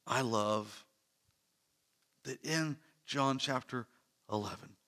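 A man preaching a sermon, earnest, dropping to soft hushed lines and rising to loud emphatic repetition. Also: mid-range voice, slow pace. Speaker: pastor.

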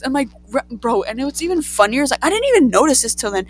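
A young woman casually telling a story to friends, animated and profane, acting out the voices in it. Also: sits high, quick pace. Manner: animated, profane, acts out quotes. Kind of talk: casual chat.

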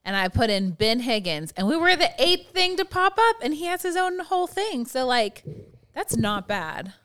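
A woman's voice: high-pitched, very animated, normal speed, fairly bright tone, smooth. A middle-aged woman co-hosting a podcast, chatting in a bubbly, gushing, self-deprecating way. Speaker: podcast co-host. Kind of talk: casual podcast chat.

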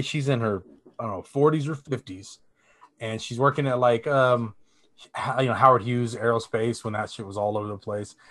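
Medium in pitch and a bit bright, a young man co-hosts a laid-back podcast conversation. His stories run long and rambling, full of fillers and free swearing.

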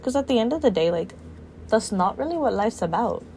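A woman's voice: a little high, lively intonation, a little fast, dark tone, a little hiss or hum. A young woman co-hosting a podcast, talking bluntly and animatedly in a casual chat, swearing and joking. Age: young adult. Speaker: podcast co-host.

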